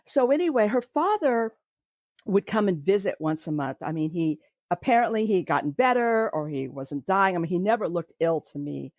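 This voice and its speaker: A woman's voice: lowish voice, expressive, moderate pace, a little mellow, no room sound, clean studio sound. An older woman telling a personal childhood story in a reflective, hesitant way, with many fillers. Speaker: storyteller recounting her childhood.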